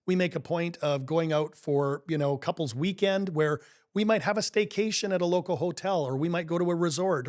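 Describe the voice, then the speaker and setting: A middle-aged man co-hosting a relationship coaching podcast, telling stories in an upbeat, emphatic way. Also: on the high side. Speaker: co-host, life coach. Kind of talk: casual podcast conversation.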